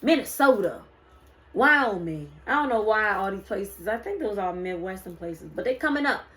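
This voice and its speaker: A woman's voice: mid-range voice, expressive, normal speed, fairly bright tone. A woman doing a casual spiritual card reading, preaching to her viewers and calling them "y'all" and "baby". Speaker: spiritual reader.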